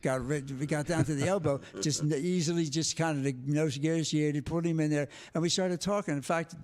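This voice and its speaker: A man's voice: a little high, brisk. An older man, telling stories in an interview, acting out the people he quotes. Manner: lively, animated storytelling, acts out quotes. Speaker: guest, former TV sports director. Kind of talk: storytelling interview.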